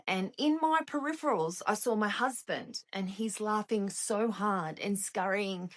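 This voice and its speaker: A middle-aged woman with an Australian accent telling a comic personal story, wry and animated, with sharp comic timing. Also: mid-range voice.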